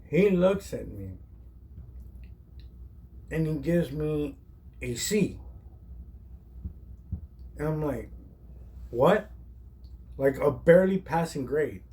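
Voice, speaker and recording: A man with a slightly high voice tells a story from his own life in a loose, conversational way. He is animated and emphatic, leaning on "like" and repetition to drive his points home. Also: slow pace, pauses often. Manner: animated, emphatic, heavy use of "like". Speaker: chef. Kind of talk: casual personal storytelling.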